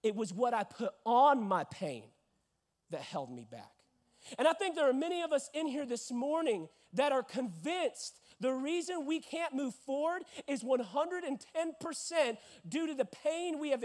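A young man in his twenties preaching a sermon, telling a lively story and acting out voices, rising to shouts at the peaks. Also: extremely high pitch, moderate pace. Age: 20s.

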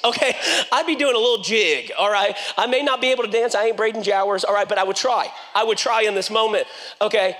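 A man preaching a fervent sermon, building to near-shouts and then breaking into jokes. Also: sits high. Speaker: pastor.

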